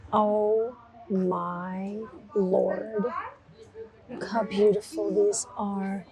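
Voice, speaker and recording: A woman's voice: medium pitch, a little mellow, rough recording. A woman chatting enthusiastically to her viewers as she browses plants in a garden center, speaking in a casual vlog style. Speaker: gardening vlogger. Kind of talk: casual vlog narration while shopping.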